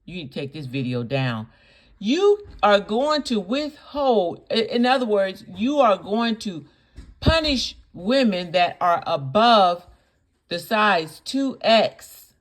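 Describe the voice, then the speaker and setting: A woman's voice: mid-range voice, sing-song, takes it slowly. A woman hosting a reaction video, scolding indignantly, piling up rhetorical questions and repeating her points for emphasis. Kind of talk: reaction commentary.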